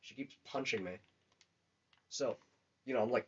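A man's voice: medium pitch, moderate pace, long pauses, fairly bright tone, breathy edge. A young man chatting casually on a podcast, telling rambling, crude, profanity-laden stories. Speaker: podcast co-host. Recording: dull lo-fi recording.

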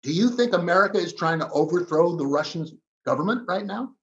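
A man making his case insistently in a heated political debate, leaning on dramatic pauses. His pitch rises and falls in wide swings. The recording sounds slightly dull. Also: lively intonation, fairly bright tone. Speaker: guest commentator.

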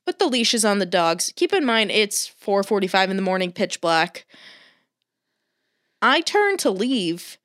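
A woman's voice: medium pitch, measured pace. A woman telling a story in casual, profane chat, acting out what people and animals said. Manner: animated, swears a lot, acts out quotes.

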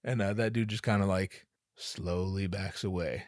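A low-pitched, steady male voice at a moderate pace belongs to a comedian recounting a humorous story. The clean studio recording has no echo, and his rambling delivery is laced with swearing, fumbled words, and constant self-interruptions.

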